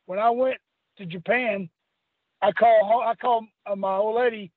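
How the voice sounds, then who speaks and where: An older man calls in over a tinny phone line. His voice sits high and husky. He rambles through stories, acting out the other people's lines and breaking into laughs. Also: steady tone, moderate pace, dry recording. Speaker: interview guest, former wrestler. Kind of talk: storytelling anecdote.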